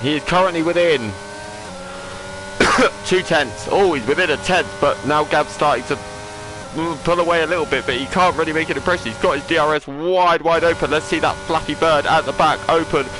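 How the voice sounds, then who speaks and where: A man giving live commentary on an esports race, excitable, breaking into quick exclamations when the racing gets close. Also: a little high, over music.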